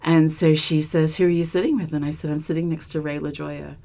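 Woman guest, low voice, animated storyteller who does the voices of the people she quotes. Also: fairly quick, vocal fry. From Philadelphia. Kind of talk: casual storytelling.

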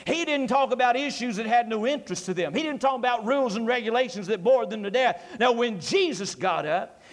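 High-voiced preaching man, echoing hall. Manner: emphatic, repetitive preaching with rising force. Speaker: pastor. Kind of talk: sermon. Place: church sanctuary. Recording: reverberant church hall.

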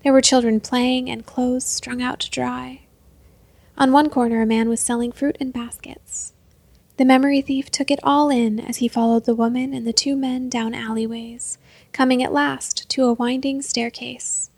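A woman narrates a story softly and unhurriedly, often slipping into a half-whisper. Her voice is fairly high with a gravelly fry, and the recording is close and dry. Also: little pitch movement, normal speed, no room sound.

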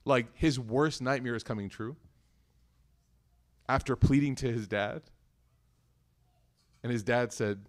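Male religious lecturer, earnest and emotive storyteller, mid-pitched. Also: takes it slowly, long pauses. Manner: earnest, emotional, acts out quotes, recites Arabic verses. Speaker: Islamic teacher.

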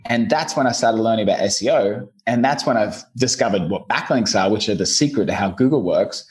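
A man from Australia with an Australian accent, a guest chatting casually and speaking slowly on purpose. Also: fairly low pitch. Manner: relaxed, easygoing, deliberately slowed delivery. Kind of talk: casual interview chat.

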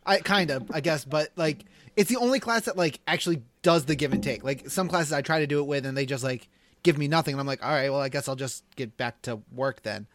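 Rambling man with a slightly high voice. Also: a little fast, a bit bright. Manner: rambling, hedging with many fillers. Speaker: podcast co-host, teacher. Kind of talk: casual chat, storytelling.

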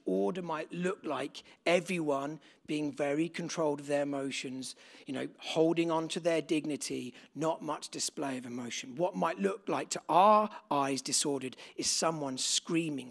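Gravelly man preaching. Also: a little high, a bit bright. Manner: conversational, asks the congregation questions. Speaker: pastor. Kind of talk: sermon. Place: church gathering with live congregation.

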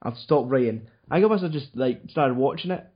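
A man's voice: mid-range voice, expressive, a little fast, lo-fi sound. A man hosting a casual podcast chat, rambling and swearing often. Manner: swears a lot, rambling with fillers. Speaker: podcast host.

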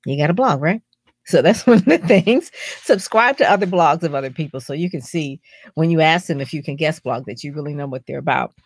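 A woman's voice: deep voice, animated, a little fast, no room sound, clean studio sound. A woman speaking as a publicity strategist, coaching listeners in an emphatic way and asking lots of rhetorical questions. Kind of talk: podcast advice talk.

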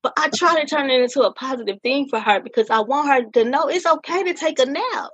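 A middle-aged woman speaking as a podcast guest, telling her own story in an earnest, deliberate way and leaning on key phrases. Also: high voice, expressive, a bit bright, dry recording, low-quality recording. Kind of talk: candid personal storytelling in conversation.

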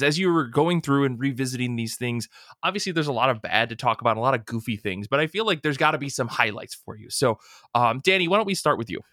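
Male podcast co-host: bright, forceful tone, dry close sound, energetic and chatty. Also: mid-range voice, dry recording. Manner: animated, enthusiastic retelling. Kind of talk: casual podcast chat.

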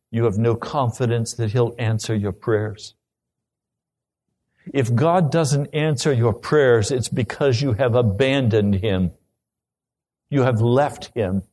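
A man's voice: mid-range voice, slow pace, a little mellow. A man preaching a sermon, telling his own testimony earnestly and then pressing urgent questions on the listener.

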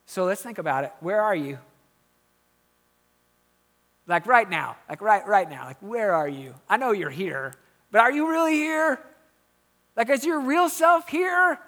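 A pastor preaching a sermon in a conversational way, with quiet asides and emphatic rising questions. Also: male voice, high voice, big pitch swings, normal speed.

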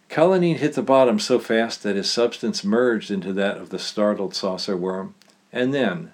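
Male author narrating his own fiction; low voice, plain steady reading. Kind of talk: story reading.

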